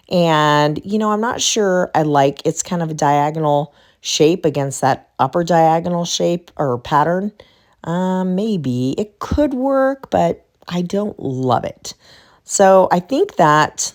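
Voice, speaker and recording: A woman hosting a craft tutorial in a low, chatty voice, still a little off as it recovers from a recent illness. She talks through each choice casually as she works, a middle-aged host thinking out loud. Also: lively intonation, measured pace.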